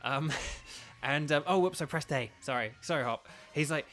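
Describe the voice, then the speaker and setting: A man's voice: on the high side, moderate pace, fairly bright tone, soft background music. A man streaming a video game, chatting casually and rambling as he reads viewer comments aloud. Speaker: streamer and voice actor.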